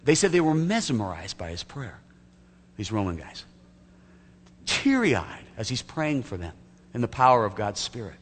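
A man's voice: mid-range voice, sing-song, normal speed, pauses often. A man preaching a sermon as pastor, telling a story vividly and acting out its scenes. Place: church sanctuary. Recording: echoey hall, faint hum.

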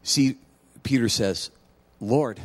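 A man preaching a sermon, telling a personal story in a conversational way and building to loud, emphatic preaching. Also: medium pitch, takes it slowly. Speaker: pastor.

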